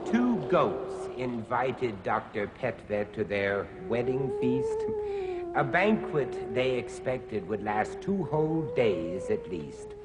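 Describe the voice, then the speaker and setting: A man's voice: medium pitch, huge pitch swings, slow pace, very noisy. A man reading a rhyming story aloud in a sing-song way.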